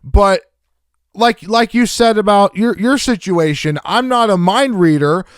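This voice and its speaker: A man's voice: high-pitched, a little slow, dry recording, studio quality. A man hosting a casual chat show, friendly and agreeable, laughing along with his guest. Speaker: host.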